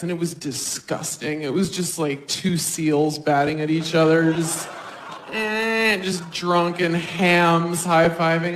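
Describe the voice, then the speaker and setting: A woman works a live stand-up set into a handheld mic, chatty and animated. She keeps darting into quick put-on voices for other people as she tells her bits. The sound carries a roomy stage echo, with a faint hum of noise behind her. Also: lowish voice. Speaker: stand-up comedian.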